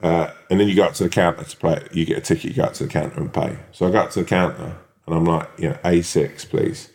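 Brief: young man, low voice, animated sweary storyteller. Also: fast talker, vocal fry. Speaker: podcast co-host. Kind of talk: casual storytelling chat.

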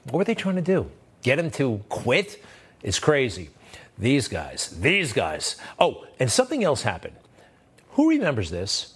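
A man hosting a TV news show, delivering sarcastic, animated commentary that leaps upward in pitch for emphasis. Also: measured pace, husky. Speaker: TV news host.

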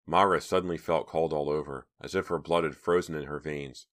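A man narrating an audiobook in an even, measured storytelling manner. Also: a bass voice.

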